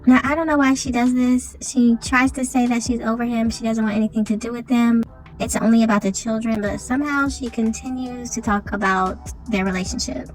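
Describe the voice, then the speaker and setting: A woman hosting a reaction channel, giving a brisk, direct intro with subscribe reminders. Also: fairly high pitch, fairly even intonation, faint music behind, poor audio.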